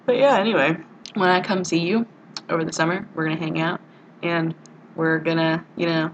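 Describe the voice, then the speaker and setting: A woman's voice: on the low side, fairly even intonation, moderate pace, pauses often, a little hiss or hum, low-quality recording. A young woman from the United States, chatting casually in a rambling, giggly video diary to a friend. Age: young adult. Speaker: vlogger.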